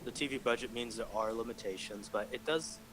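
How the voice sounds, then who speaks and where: A young Malaysian man with an American accent talks briskly in a mid-range voice while gaming on a stream he hosts. He's casual and sardonic, rambling through anecdotes, with background noise audible.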